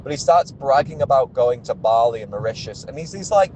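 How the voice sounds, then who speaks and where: A man's voice: medium pitch, animated, fairly quick, darkish tone, a little hiss or hum, low-quality recording. A young man, a car sales executive ranting in a vlog, exasperated and swearing often, with restarts as he goes.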